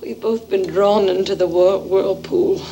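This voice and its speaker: An actress playing an exhausted, overwrought young actress in a stage play, dropping to whispers and rising to outbursts. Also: female voice, medium pitch, steady tone, unhurried, gravelly, dark tone, a little hiss or hum, poor audio. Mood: wistful. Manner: breathless, shifting between whispers and outbursts.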